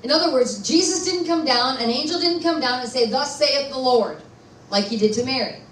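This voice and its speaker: A woman pastor preaching a sermon at a conference, animated and asking her listeners questions. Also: high-pitched, fast, slight background noise. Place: church conference hall. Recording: echoey room, voice from far off.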